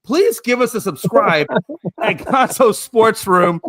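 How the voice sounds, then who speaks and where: A man's voice: high-pitched, expressive, slow, a bit bright, no room sound, clean studio sound. A man hosting a casual sports podcast, joking around and rambling with his co-hosts. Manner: joking, rambling, laughs often. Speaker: show host.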